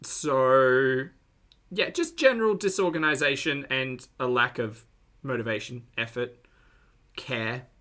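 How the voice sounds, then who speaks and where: A woman streaming live, reacting to a clip with a dry, sarcastic edge. Her voice is bright and forward, and she talks straight to her chat between remarks. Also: rumbling low, measured pace.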